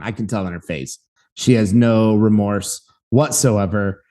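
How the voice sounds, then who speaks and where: A man in his thirties co-hosting a podcast, telling a story in a lively, casual way and acting out the voices in it. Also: fairly low pitch, unhurried. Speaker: podcast co-host.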